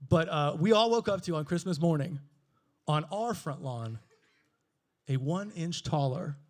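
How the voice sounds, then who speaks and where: A man performing a stand-up comedy set on stage with a handheld mic, animated and swearing, mimicking other voices with big jumps in pitch. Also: a little slow. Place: comedy stage before a live audience.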